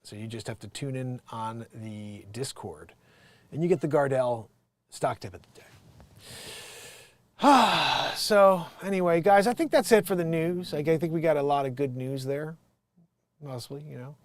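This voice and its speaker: A man hosting an improvised comedy news show, jumping between loud outbursts and muttered asides and talking straight to his viewers. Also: on the high side, measured pace, pauses often. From United States. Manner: chatty, addresses viewers as guys, lots of you know.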